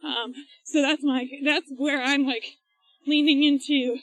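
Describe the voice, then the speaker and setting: Woman podcast co-host, high voice, dry close sound, chatty explainer recorded on a run. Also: fairly even intonation, unhurried, fairly bright tone, no room sound, faint music behind, poor audio. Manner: chatty, explains at length with laughs. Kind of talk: casual chat while running. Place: outdoors, on a run.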